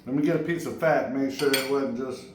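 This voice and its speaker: A man hosting a home cooking video, talking straight to viewers in an excitable, folksy way during a taste test. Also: medium pitch, fairly quick, a little hiss or hum. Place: home kitchen. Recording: echoey kitchen with faint clatter.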